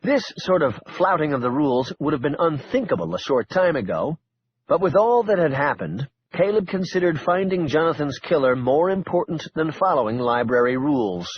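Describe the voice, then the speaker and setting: A man reading a thriller audiobook aloud in a steady, measured narration. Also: on the high side, highs cut off, a little hiss or hum. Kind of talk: scripted narration.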